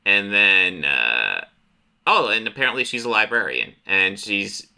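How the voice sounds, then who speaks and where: A man's voice: on the low side, very animated, vocal fry, pushed and bright, smooth. A man casually recapping comic book stories, rambling and profane, briefly acting out the characters. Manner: rambling, profane, acts out characters in quick voices.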